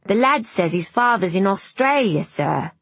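A woman's voice: medium pitch, lively intonation, moderate pace, fairly bright tone, slightly rough, no echo. Woman putting on a rustic, deferential crewman. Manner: rustic, dialect speech, deferential. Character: deferential working-class male ship's crewman.

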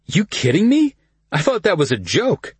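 A man voicing a boisterous young man who teases his cousin loudly, higher than his own voice. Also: normal speed, breathy edge, no room sound. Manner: loud, excited, mocking.

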